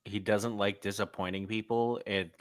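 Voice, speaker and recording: A man's voice: fairly low pitch, steady tone, moderate pace. A man co-hosting a podcast, adding dry, wry remarks in casual chat. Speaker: podcast co-host.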